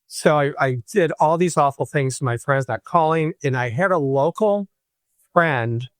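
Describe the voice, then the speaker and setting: Man from Michigan, podcast guest, slightly high voice, lively storytelling, dry close sound. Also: moderate pace, dry recording. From Michigan, USA. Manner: animated storyteller, acts out the voices he quotes. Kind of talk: personal storytelling in a podcast interview.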